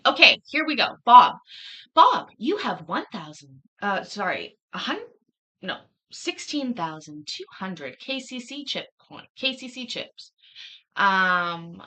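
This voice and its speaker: A woman's voice: fairly high pitch, bright, forceful tone. A woman hosting a livestream, chatting casually with viewers and reacting to a court hearing, laughing and swearing freely. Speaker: livestream host.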